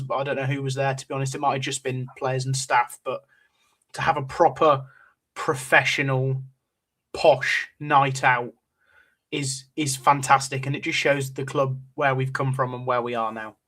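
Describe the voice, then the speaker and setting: A man on a football fan podcast panel, enthusiastic and pausing on "um" as he talks. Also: mid-range voice, level tone, fairly bright tone. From England. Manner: enthusiastic, hesitant with "um". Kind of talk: casual fan podcast chat.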